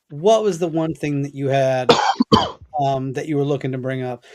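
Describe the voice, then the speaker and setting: A man's voice: on the high side, darkish tone, no room sound, clean studio sound. Joking man with a raised voice. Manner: joking, teasing. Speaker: podcast co-host. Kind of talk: casual chat.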